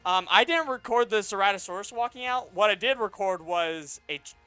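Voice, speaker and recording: A man's voice: sits high, a little fast, smooth, dry recording, faint music behind. A man co-hosting a gaming live stream, chatting casually, laughing often and telling stories with lots of energy. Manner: laughs often, animated storytelling. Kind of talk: casual chat while gaming.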